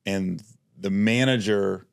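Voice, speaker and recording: A man's voice: deep voice, takes it slowly, gravelly, clean tone. A man hosting a podcast, chatting casually and telling funny stories, acting out the people in them. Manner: animated storyteller, acts out quoted voices. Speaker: podcast host, comedian. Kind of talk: casual storytelling chat.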